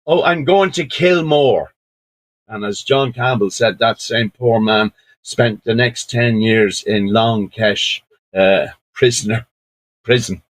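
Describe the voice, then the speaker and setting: An Irish man spins folk tales in a low, settled voice. He is unhurried and reflective. He keeps turning to the listener with small friendly asides. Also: fairly even intonation. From Ireland. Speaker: storyteller. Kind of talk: storytelling talk at an online session.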